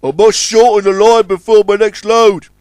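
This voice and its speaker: A man voicing an eager, reckless male tugboat who shouts cheerfully in a hurry. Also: sits high, fairly even intonation, normal speed, no room sound, voice pushed up, natural voice.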